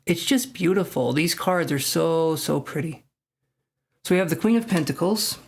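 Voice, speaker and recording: A tarot reader hosting a casual live stream from home, chatting with viewers by name and making jokes at their own expense. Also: medium pitch. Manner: chatty and self-joking, addressing viewers by name.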